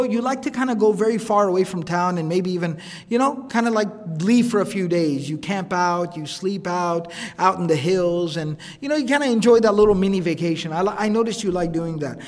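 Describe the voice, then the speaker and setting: Fast-talking man lecturing in a reverberant hall. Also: high-pitched. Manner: conversational, recites Arabic quotations quickly, keeps asking "right?". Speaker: teacher. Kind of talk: recorded religious lecture.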